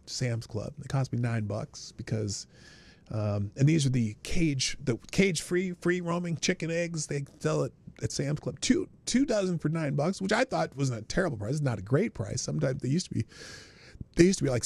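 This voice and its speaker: A male show host who talks in a high, lively voice with a gravelly edge. He rants sarcastically, laughing between points. The sound is dry and close. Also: normal speed. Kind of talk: casual political commentary show.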